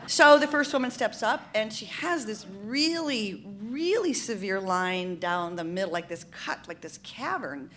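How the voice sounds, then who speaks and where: A woman telling a comic story live, in an animated style, often laughing through her lines. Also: mid-range voice, measured pace, hardly any pauses.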